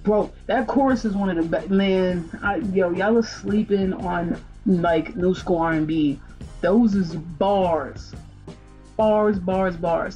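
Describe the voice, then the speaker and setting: A woman's voice: on the low side, slow pace, mellow, muffled recording. A woman hosting a music channel, breaking down song lyrics in a chatty, slangy way with rhetorical questions. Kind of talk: casual commentary on song lyrics.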